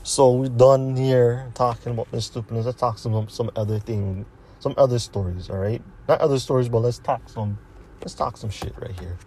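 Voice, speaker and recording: A vlogger with a mellow, mid-range voice at normal speed delivers a profane motivational rant to camera outdoors near a street. He's blunt and repetitive, using heavy slang and swearing, while faint traffic noise from passing cars runs in the background.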